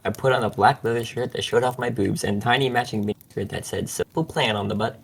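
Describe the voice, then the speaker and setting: Husky giggly man reading aloud. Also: mid-range voice, steady tone, fast. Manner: giggly, reads with frequent laughing breaks and stumbles. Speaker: co-host reading a fanfic aloud. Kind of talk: casual reading and chat.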